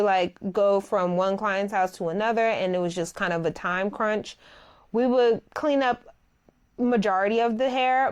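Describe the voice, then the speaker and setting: A young adult woman telling a story on her podcast in a casual, animated way, calling listeners "child" and "baby.". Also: clean tone. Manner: animated, expressive, swoops high when quoting others. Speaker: podcast host and dog groomer.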